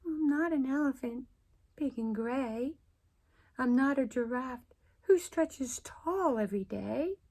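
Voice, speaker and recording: A timid young cow from a picture book, as a woman reads her aloud. She sounds sweet and a little forlorn, with soft breath in her voice. Her unhurried lines swoop up and down in pitch. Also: expressive, heavily acted. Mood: sad. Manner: sweet, plaintive and hopeful.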